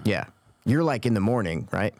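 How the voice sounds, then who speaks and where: A man's voice: on the low side, animated, moderate pace, a little mellow, dry recording. A man in his thirties co-hosting a podcast, chatting casually in a playful, teasing way. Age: 30s. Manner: playful, teasing, laughs often. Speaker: podcast co-host. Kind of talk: casual chat.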